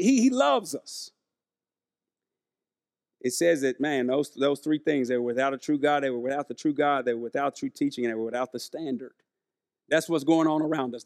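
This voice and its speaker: Casting: male preacher, high voice, chatty sermon, keeps asking the room questions. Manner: conversational, questions the congregation, acts out quotes.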